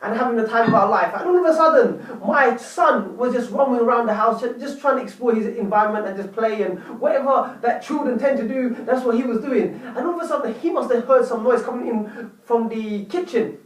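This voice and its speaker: A young man vlogging, telling a story to his viewers in a dramatic, animated way. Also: very high voice, fairly quick, few pauses, echoey room, distant mic, poor audio. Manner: animated, dramatic retelling with repeated "lo and behold". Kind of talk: casual storytelling to camera.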